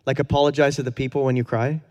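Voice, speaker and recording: A man's voice: mid-range voice, flat delivery, fast talker, a little mellow, in a large hall. A man preaching a conversational sermon in a casual, earnest way, with fillers and chuckles. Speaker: pastor.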